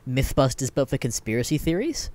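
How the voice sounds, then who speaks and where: A man's voice: mid-range voice, big pitch swings, a little fast, a little mellow, no room sound. A young man hosting a casual podcast chat, rambling through stories with lots of fillers and swearing. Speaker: podcast host.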